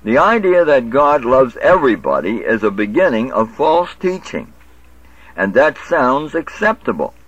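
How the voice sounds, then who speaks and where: A preacher with a mid-range voice teaches from the Bible, reading passages aloud, explaining them, and occasionally correcting himself. The sound is dry and dull lo-fi.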